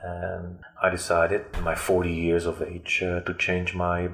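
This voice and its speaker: Deep, flat-voiced man telling his story. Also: echoey room. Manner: halting, with frequent fillers and restarts. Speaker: interview guest. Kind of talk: personal storytelling.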